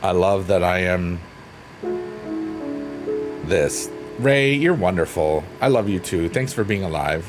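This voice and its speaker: A man hosting a relaxed livestream, chatting playfully and reading out messages from his viewers. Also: low-pitched, takes it slowly, long pauses. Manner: playful, silly, rambling, reads chat aloud. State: drained. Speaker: livestream host. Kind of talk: casual chat with live chat readers. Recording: faint piano music underneath.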